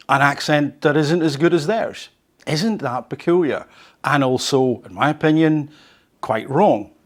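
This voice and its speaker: A male podcast host who reads an article and comments on it, conversational and fond of rhetorical questions. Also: mid-range voice. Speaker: host of a language learning podcast.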